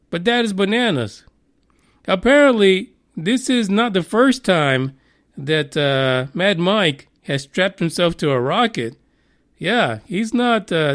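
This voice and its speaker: Man, podcast news host, high-pitched, profane, mocking, laughs as he reads. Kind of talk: crude comedic news commentary.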